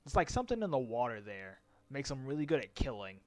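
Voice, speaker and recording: A man's voice: mid-range voice, big pitch swings, fast, a little mellow. A man running a tabletop game as game master, casual and hesitant, with many fillers.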